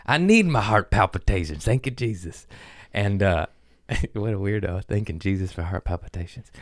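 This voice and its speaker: A man's voice: fairly low pitch, expressive, moderate pace, dry recording, studio quality. A man hosting a podcast, riffing in a jumpy, scatterbrained comic monologue and mocking himself as he loses his thread. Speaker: podcast host. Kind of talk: rambling comedic monologue.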